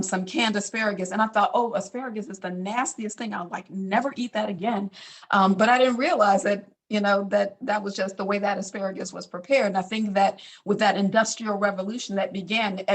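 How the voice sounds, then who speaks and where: A middle-aged woman speaks in an ordinary mid-range voice, telling a personal story loosely and casually. She fills her talk with little asides and restarts, speaking as a doctor addressing a community audience. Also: mid-range voice. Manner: casual storytelling, many fillers. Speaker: physician speaker.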